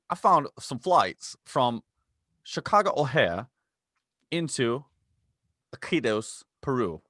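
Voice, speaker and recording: A man's voice: fairly low pitch, bright, forceful tone, no room sound, clean studio sound, voice pushed up. A man putting on a cheery globetrotting male travel guide, calling everyone mate. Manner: chummy, calls everyone mate.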